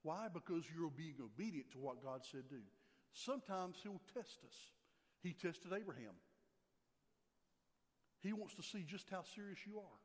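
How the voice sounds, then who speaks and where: An older pastor man preaching in a slightly high voice, pressing his points by repeating them. His voice rings with a long hall reverb, as in a church sanctuary. He sinks low and quiet when he reads scripture. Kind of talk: sermon.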